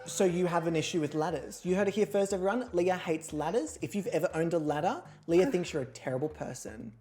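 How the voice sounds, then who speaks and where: A woman hosting a casual chat, teasing and punning as she goes. Her voice sits a little low but swings widely in pitch. Faint music plays behind her. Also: lively intonation, a little fast. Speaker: host. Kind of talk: casual chat on a video call.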